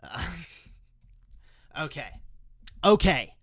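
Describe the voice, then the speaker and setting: A man's voice: mid-range voice, big pitch swings, slow, long pauses, fairly bright tone, no echo, studio quality. A man from Canada with an unusual mixed accent, hosting sarcastic reaction commentary, stammering and laughing often. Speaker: commentary video host.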